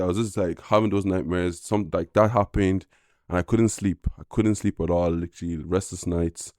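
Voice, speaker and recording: Young guy on a podcast, really low voice, mellow, keeps saying like, earnest. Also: no room sound, clean studio sound. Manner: earnest, halting, full of fillers. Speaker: podcast guest. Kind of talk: casual personal testimony.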